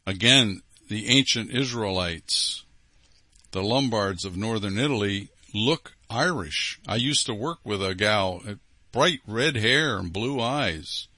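This program host reads out letters from listeners and responds with emphasis, often repeating the important phrases. He has a lowish, sharp-toned voice, speaks slowly but animatedly, and the recording has no room sound.

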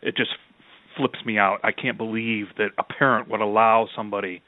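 A man's voice: fairly low pitch, flat delivery, moderate pace, no room sound. A man hosting a radio talk show, speaking in an emphatic, indignant way. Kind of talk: radio interview. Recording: tinny phone-like audio.

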